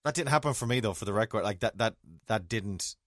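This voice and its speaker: A man's voice: fairly low pitch, fast talker, fairly bright tone, no room sound, studio quality. A man, a radio host chatting casually, joking and rambling with restarts. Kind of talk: casual chat.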